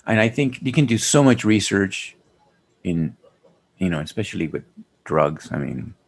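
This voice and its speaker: A man's voice: deep voice, lively intonation, normal speed, breathy edge. A man with a Chicano accent co-hosting a podcast, swearing freely and mixing in Spanish slang. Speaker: podcast co-host. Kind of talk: casual chat.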